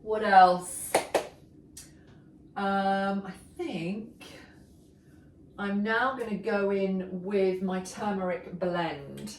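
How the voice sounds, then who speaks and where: A woman's voice: medium pitch, drawn-out words, long pauses, noisy background. Chatty woman cooking in an echoey kitchen. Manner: chatty, enthusiastic, talks while working. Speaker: cooking show host. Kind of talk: casual kitchen demonstration. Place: home kitchen. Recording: echoey kitchen, mic far off. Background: clattering dishes and pans.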